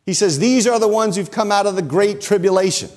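A man preaching a sermon, who slows down and stresses key phrases. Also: high-pitched, a little mellow. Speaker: pastor.

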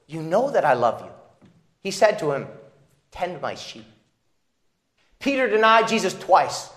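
A man preaching a sermon, dramatic, dropping soft and low, then rising to emphatic, raised lines. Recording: echoey room.

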